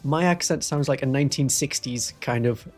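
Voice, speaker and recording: This Warhammer streamer, whose Northeast English accent is toned down, rambles to his live audience with dry humor. He speaks at a medium pitch and moderate pace with a slightly dark tone, soft music playing under his studio-mic audio.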